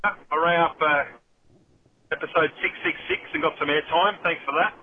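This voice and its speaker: A man with an Australian accent rambles through a voicemail, his lines lifting at the end. He sits a little higher than most men. The call comes through a tinny phone line with faint road noise behind it. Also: moderate pace. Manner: rambling, rising inflection. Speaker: caller. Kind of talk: voicemail to a podcast. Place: in a car.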